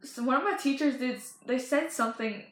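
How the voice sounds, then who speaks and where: Teen girl fan vlogger, excited gushing chatter, slightly high voice, roomy echo. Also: brisk. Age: teens. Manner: gushing, breathless storytelling with many fillers and restarts. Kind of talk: excited casual chat.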